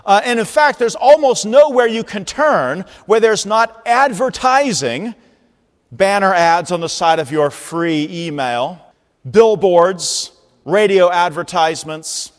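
A male pastor preaching a sermon, animated and at times shouting out calls for attention. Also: high voice, takes it slowly. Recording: long reverb of a large hall.

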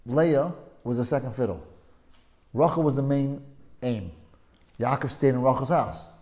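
Leading an informal religious study group, a man tells stories with animated emphasis and repeats himself to drive points home. His pitch sits in the middle range and he takes his time.

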